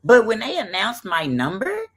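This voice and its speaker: A woman in her late thirties from the American South with a Southern accent, telling stories in a casual interview with a sassy, animated manner over a video call. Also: mid-range voice, moderate pace, breathy edge. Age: 30s. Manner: sassy, animated storytelling with playful put-downs. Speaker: guest athlete.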